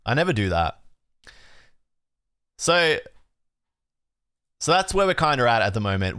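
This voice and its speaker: A relaxed young Australian man talks casually as a stream host, keeping a steady middle pitch. His voice is close and dry, with no room sound. He rambles a little and redoes lines until they sound right. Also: takes it slowly, long pauses, smooth, no room sound. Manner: relaxed, chatty, retakes his outro lines. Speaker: streamer and card collecting host. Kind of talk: casual live-stream chat.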